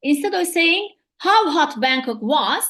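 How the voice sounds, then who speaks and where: Woman, Turkish accent, English teacher, slightly high voice, hesitant, lots of fillers, mixes in Turkish. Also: sing-song, a little slow, a bit bright. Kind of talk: recorded online lesson.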